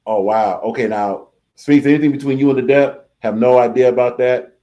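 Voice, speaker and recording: A man's voice: mid-range voice, steady tone, moderate pace, warm tone, muffled recording. A man hosting a casual live reaction stream, reading viewer comments aloud and repeating his phrases as he goes. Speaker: livestream host reading chat.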